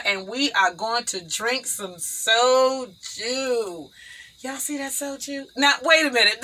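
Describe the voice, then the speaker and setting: Woman host, chatty, bright forceful voice, a bit high, calls everyone y'all. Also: low-quality recording. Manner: chatty, addresses viewers as y'all and baby. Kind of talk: casual chat.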